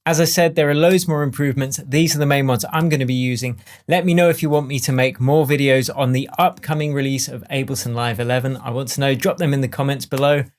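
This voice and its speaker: Man explaining music software. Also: mid-range voice, fast talker. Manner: relaxed, chatty explaining with fillers. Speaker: music production tutor. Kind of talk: screen-recorded software tutorial. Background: faint demo music playing.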